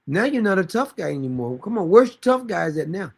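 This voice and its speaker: A man's voice: sits high, big pitch swings, brisk, creaky. A man hosting a commentary stream, reacting to news clips in a sarcastic, mocking, slangy way. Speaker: commentary host.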